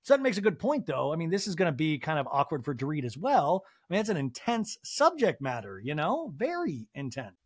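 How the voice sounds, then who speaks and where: Man, podcast host, comic recap, gossipy, lively pitch, slightly high, dry close sound. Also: fairly quick, few pauses, breathy edge, no room sound. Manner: gossipy, animated, giggling asides. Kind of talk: comic reality-show recap.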